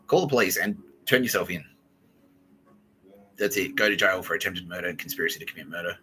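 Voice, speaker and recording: A man's voice: lowish voice, fairly quick, pushed and bright, slight background noise, rough recording. A man hosting a podcast, rambling in a casual, profane monologue and laughing often. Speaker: podcast host.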